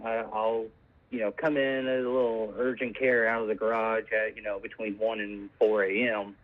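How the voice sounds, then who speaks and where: Male caller, calm and deadpan, phone-line sound. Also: fairly low pitch. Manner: calm, deadpan, matter-of-fact about absurd claims. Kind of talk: deadpan comedic call-in bit.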